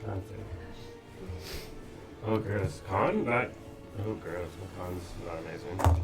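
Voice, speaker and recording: A man's voice: deep voice, takes it slowly, loud music behind the voice. A man playing a tabletop game, grumbling wryly about his rolls. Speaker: player. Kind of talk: casual tabletop play.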